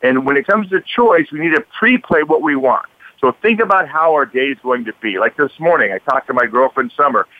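A man's voice: medium pitch, animated, fairly quick, no echo. A man in his sixties, a radio guest, speaking in a confident, motivational way. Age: 60s. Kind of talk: radio interview. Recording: dry phone-line sound.

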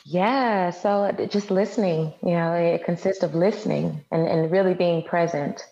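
A woman's voice: on the low side, moderate pace, creaky, mellow, lo-fi sound. A woman from Brazil speaking as an interview guest, earnest and reflective. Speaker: guest, movement and Reiki facilitator. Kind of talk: casual interview.

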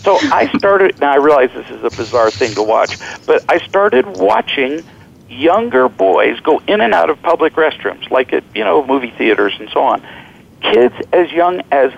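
A middle-aged man, a guest author, telling animated, joking stories in an interview and acting out what people said. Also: on the high side, creaky, slightly rough, lo-fi sound. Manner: animated, joking, acts out quoted voices. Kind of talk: storytelling interview talk.

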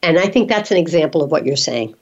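Low-voiced woman hosting a radio interview. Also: expressive, quick pace. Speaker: radio show host. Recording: dull lo-fi sound.

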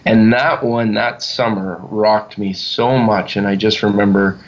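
A man who is a youth leader, telling earnest stories in a casual chat and pausing often to find his words. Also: on the low side, steady tone. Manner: earnest, halting storytelling. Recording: dull lo-fi sound.

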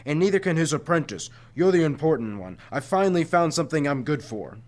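A man's voice: a little high, expressive, fairly quick, a little mellow, pitched above the performer's own voice, close to an everyday voice. A man voicing a brave, earnest boy apprentice, in his own everyday voice, while reading a story aloud. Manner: earnest, determined.

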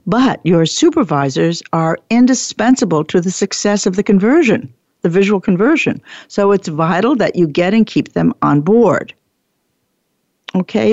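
A woman giving a training talk, animated, acting out bits of dialogue and repeating her points for emphasis. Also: low voice, dry recording. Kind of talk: lecture presentation. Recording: dull lo-fi dry recording.

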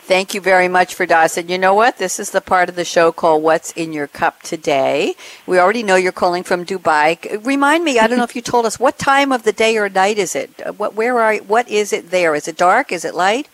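A woman's voice: mid-range voice, a little fast, no room sound. A woman hosting a talk show in a casual, chatty way, asking her guests lots of questions. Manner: chatty and animated, asks many questions. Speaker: show host. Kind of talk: casual interview chat. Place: New York.

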